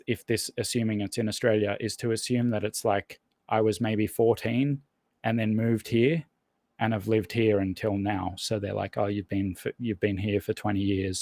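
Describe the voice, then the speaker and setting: A man's voice: fairly low pitch, darkish tone, no echo. A man as a podcast guest in casual conversation, rambling and thinking aloud with lots of restarts. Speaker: podcast guest, language learner.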